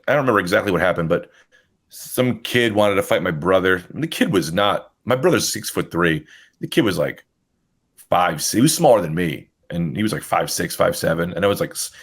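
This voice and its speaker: Low-voiced man telling a rowdy story. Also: slightly rough. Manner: profane, animated anecdote telling. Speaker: podcast co-host. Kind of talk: casual chat, storytelling.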